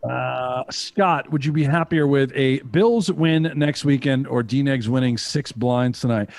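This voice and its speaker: A man's voice: medium pitch, unhurried, darkish tone, dry recording. Male poker stream co-host, brash and jokey, salty banter, dry mic. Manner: brash, joking, swears freely. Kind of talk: casual banter commentary.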